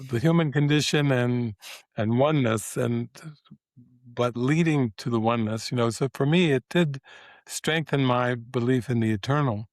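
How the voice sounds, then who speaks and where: An older man, a spiritual teacher, talking as a guest in a relaxed interview, meandering and reflective with many pauses and fillers. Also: mid-range voice, no echo. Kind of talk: casual interview talk.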